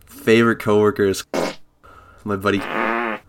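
A young man with a cold, co-hosting a casual comedy podcast and joking in a deadpan way. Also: on the low side, moderate pace, gravelly, noisy background. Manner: joking, deadpan, swears a lot. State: has a cold. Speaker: podcast co-host.

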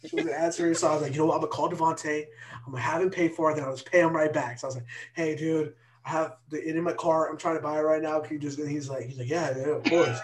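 Young male podcast host, fairly high voice, excitable and profane, acts out his own quotes loudly. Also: rapid-fire, a little hiss or hum. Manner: excitable, profane storytelling with loud re-enacted quotes. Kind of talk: casual chat between friends.

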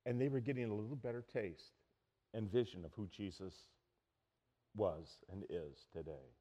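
A middle-aged man preaching a sermon, telling stories and acting out quoted lines loudly. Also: on the low side, moderate pace. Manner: storytelling, animated, acts out quotes loudly. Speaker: pastor.

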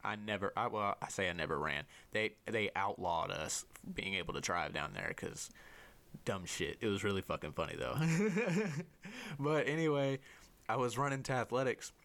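A young man talks in a slightly low voice, spinning a rambling, profane story for his guest. He jumps into higher voices for the people he quotes and keeps the telling lively and loose. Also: normal speed, gravelly. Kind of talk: casual storytelling chat.

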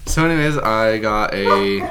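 A man's voice: fairly low pitch, expressive, measured pace, over a noisy crowd. A young man telling a story in casual podcast chat, laughing often and swearing freely.

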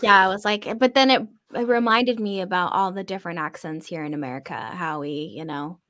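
A woman co-hosting a casual chat, joking and quick to laugh. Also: on the low side, fairly bright tone.

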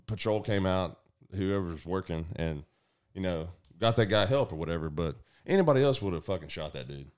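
This is a man with a deep, low voice and a drawl, recounting a story to a group of friends. He talks loosely and profanely, and throws himself into the retelling by acting out the shouts and quoted lines. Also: a little fast, hardly any pauses. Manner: profane, animated, acts out voices. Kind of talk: casual storytelling.

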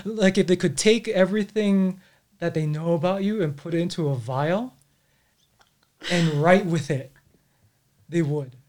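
A man's voice: high voice, measured pace, long pauses, darkish tone. Guy running a tabletop game, descriptive and playful. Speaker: game master.

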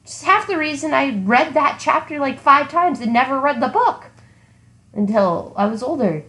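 Animated ranting woman in an echoey room. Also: high voice, moderate pace. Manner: animated ranting, acting out her younger self. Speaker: podcast co-host. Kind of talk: casual book discussion.

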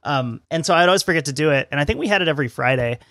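A man's voice: on the high side, animated, very fast, fairly bright tone, dry recording, clean studio sound. A man, a podcast guest, in casual chat, self-deprecating and laughing often.

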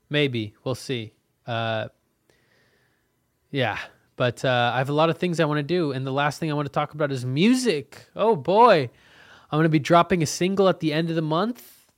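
A man's voice: mid-range voice, no echo, studio quality. Profane rambling young man podcaster. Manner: rambling and profane, frequent fillers; frustrated venting. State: cold and soaked. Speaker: podcast host. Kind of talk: casual solo podcast monologue.

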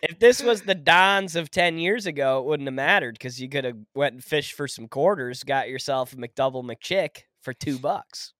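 A young man with a sick, rough voice, co-hosting a casual podcast chat and laughing and joking as he talks. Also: a little high, moderate pace, hardly any pauses, a bit bright, no room sound, clean studio sound. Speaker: podcast co-host.

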